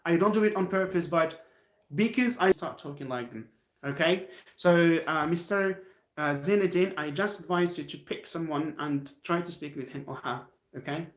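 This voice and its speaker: Algerian guy teaching english on a live stream, encouraging, says okay a lot, slightly high voice, echoey room. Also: normal speed. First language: Algerian Arabic. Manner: encouraging, repeats himself, answers chat. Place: his home.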